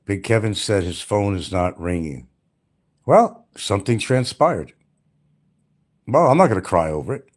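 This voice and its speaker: An older retired man talking bluntly and profanely on a casual livestream, mocking people and laughing often. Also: mid-range voice. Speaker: livestream host. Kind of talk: casual rambling livestream chat.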